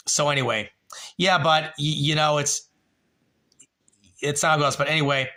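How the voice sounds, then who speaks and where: Bright-voiced man rambling to viewers. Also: on the high side. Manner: rambling and repetitive, addresses viewers by name, swears. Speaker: livestream host. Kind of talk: casual livestream chat answering viewers.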